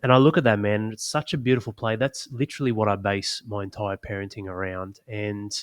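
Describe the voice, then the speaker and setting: A man's voice: fairly low pitch, fairly even intonation, a little fast, clear, resonant tone, no echo. A man co-hosting a podcast, speaking earnestly and reflectively in casual chat. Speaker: podcast co-host.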